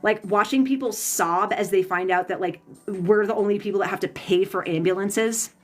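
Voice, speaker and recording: A woman's voice: mid-range voice, moderate pace. A woman reading tarot on a livestream, venting heatedly and profanely as she answers viewers' comments, stumbling and restarting her sentences. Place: home, Pacific time zone.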